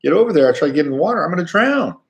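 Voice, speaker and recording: A man's voice: on the high side, sing-song, racing, gravelly, pitched above the performer's own voice. A man voicing a sly, persuasive male scorpion from a fable, wheedling for a ride across a river.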